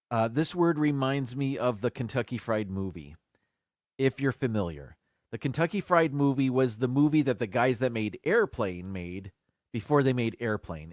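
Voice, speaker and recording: Male host, casual and chatty, sounds out each word slowly, dry close sound. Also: medium pitch, a little mellow, no echo. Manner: chatty, repeats and sounds out words carefully. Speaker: live stream host. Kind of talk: casual chat on a live stream.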